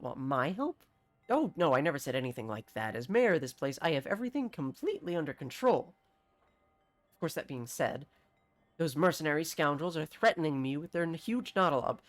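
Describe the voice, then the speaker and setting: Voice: medium pitch, close to an everyday voice. A streamer reading out a frantic, over-polite woman mayor of a village from a game, with a put-on voice. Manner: frantic, then falsely composed and over-polite. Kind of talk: reading game dialogue aloud.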